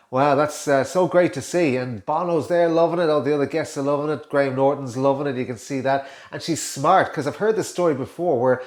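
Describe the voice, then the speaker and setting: A man's voice: medium pitch, darkish tone. A man, a communication coach, giving casual reaction commentary, musing with many hesitant restarts. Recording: roomy echo.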